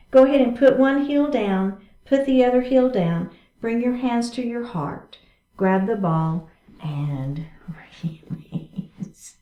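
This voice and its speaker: A woman leading a chair yoga class, cueing each movement step by step in a chatty, encouraging way. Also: fairly high pitch. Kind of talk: guided exercise class instruction. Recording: echoey room, mic at a distance.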